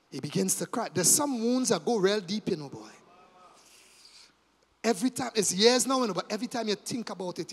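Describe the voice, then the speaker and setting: Man, preacher, very high voice, dramatic sermon storytelling, hushed to shouting, long church reverb. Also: breathy edge.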